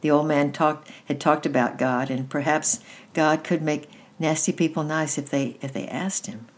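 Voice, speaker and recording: A woman reads a children's story aloud in a gentle, unhurried way, now and then stumbling and restarting a phrase. Her voice sits unusually low for a woman. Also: steady tone. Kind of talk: reading a children's book aloud.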